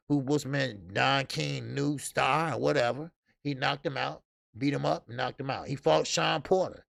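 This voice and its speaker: A man's voice: mid-range voice, gravelly, fairly bright tone, no room sound, studio quality. A man hosting a casual boxing talk show, loose and profane, laughing at his own stories. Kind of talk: casual solo boxing commentary.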